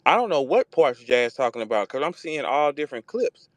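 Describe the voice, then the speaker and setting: Brief: profane, animated male talk host, mid-pitched, dry mic. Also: fairly quick, dry recording. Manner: profane, animated, slips into mocking voices when quoting. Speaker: host of a battle rap talk space. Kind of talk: casual chat. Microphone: online audio room.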